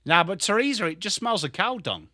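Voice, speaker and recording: A young Englishman with an English accent hosting a live football watchalong stream, excitable and sweary, rattling off player names, tired from little sleep. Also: high-pitched, a little fast, no room sound, studio quality. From England. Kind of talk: live commentary and chat stream.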